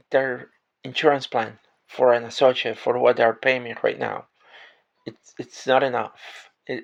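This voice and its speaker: A heavily gravelly man from Puerto Rico rants to the camera about his retail job. He sounds exasperated and swears freely, often stumbling and restarting his words. His pitch sits in an ordinary middle range. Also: highs cut off. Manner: halting restarts when upset. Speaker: retail worker. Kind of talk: venting rant to camera.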